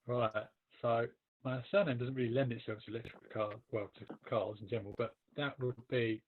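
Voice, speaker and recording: A man speaks over a video call in an even, mid-range voice. He delivers his jokes deadpan in a casual chat. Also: medium pitch, a little fast, phone-quality sound. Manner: deadpan, joking. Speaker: guest.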